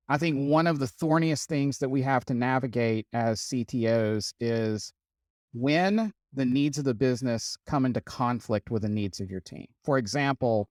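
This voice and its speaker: Man, guest CTO, emphatic, repeats his points, mid pitch, dry close sound. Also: dry recording. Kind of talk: panel discussion.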